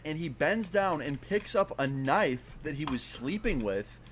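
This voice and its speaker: A man's voice: fairly high pitch, expressive, unhurried, slight background noise. A young man casually retelling a frightening story, swearing often and leaning on fillers. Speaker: storyteller in a played video.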